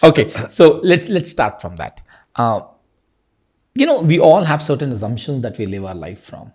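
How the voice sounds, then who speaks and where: Animated host, husky voice. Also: male voice, mid-range voice, moderate pace. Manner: earnest, expressive questions. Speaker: podcast host. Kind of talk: interview questioning.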